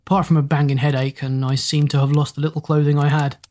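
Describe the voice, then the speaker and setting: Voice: medium pitch, little pitch movement, fast, darkish tone, natural voice. Narrator doing a tiny living doll. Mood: dazed. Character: tiny living doll boy, small and helpless.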